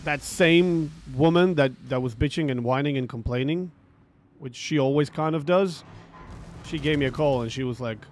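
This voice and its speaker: A man's voice: medium pitch, normal speed, slight background noise. A man ranting about a tournament over gameplay, frustrated and swearing, repeating himself as he tells the story. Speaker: gaming streamer.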